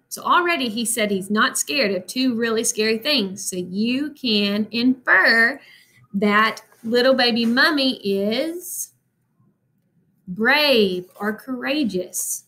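A woman teacher reading a picture book aloud to children, expressive and pausing to ask them questions. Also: fairly high pitch, rough recording.

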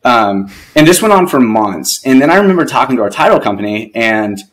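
A man's voice: medium pitch, very animated, a little fast, rough recording. A man who is a guest on a podcast, telling stories casually and rambling with lots of filler words. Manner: rambling, heavy use of "like". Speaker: podcast guest, real estate investor. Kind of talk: casual storytelling.

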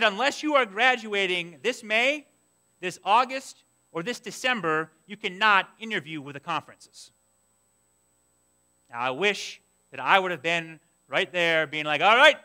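This young adult pastor preaches with a high, smooth voice. He tells a personal story animatedly, acting out complaints he used to make.

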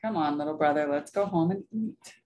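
A woman's voice: deep voice, fairly quick, mellow, close to an everyday voice. A woman voicing a wary, bold little bunny girl, a big sister in a picture book story.

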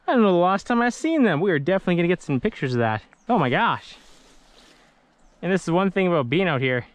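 A young man from Saskatchewan, vlogging casually while wading in a weedy creek, often breaking into excited exclamations. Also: sits high, quick pace, no echo. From Saskatchewan, Canada. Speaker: fishing vlogger. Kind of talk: casual outdoor vlog narration. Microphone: phone camera.

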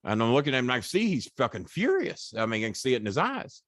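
A man's voice: mid-range voice, fast talker, dry recording, clean studio sound. Man telling a profane story. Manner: profane, animated retelling with quoted voices. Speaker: podcast guest. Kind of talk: storytelling in casual chat.

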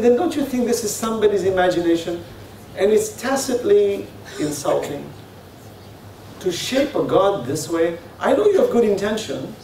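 A man giving a religious lecture, telling stories and acting out both sides of conversations. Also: high voice. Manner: animated storytelling, acting out dialogues. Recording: very echoey hall, speaker far from mic, faint hiss.

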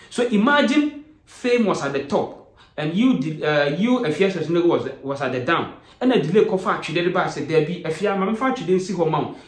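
A Ghanaian man hosting an online show, commenting earnestly and pleading as he mixes English and Twi. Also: fairly high pitch. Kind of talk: emotional commentary. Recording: roomy echoing sound.

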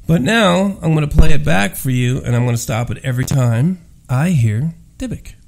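A man's voice: on the high side, lively intonation, moderate pace, creaky, darkish tone, slight background noise. A man hosting a paranormal audio show, ranting in a profane, rambling, emphatic monologue.

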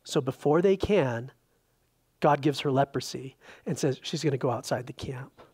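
A man pastor preaching a conversational Bible-study sermon, animated, with frequent restarts and filler words. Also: mid-range voice, moderate pace, husky. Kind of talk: expository sermon. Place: church sanctuary.

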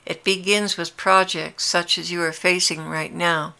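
A woman's voice: lowish voice, little pitch movement, a little slow, vocal fry, clean tone, exaggerated voice. A woman voicing a tender, pleading Jesus. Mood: warning. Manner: earnest, intimate, gently pleading. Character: tender, longing adult male Jesus addressing his brides. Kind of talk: devotional prophetic dialogue.

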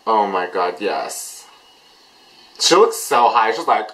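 A man hosting a casual reaction vlog, gushing and excitable, breaking into delighted shrieks. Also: fairly low pitch, takes it slowly, pauses often, poor audio. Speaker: reaction video host.

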